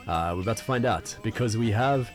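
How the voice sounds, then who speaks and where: Rambling low-voiced radio host. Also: male voice, fairly quick, music in the background. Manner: rambling, hesitant, full of "uh" restarts. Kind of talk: casual radio banter.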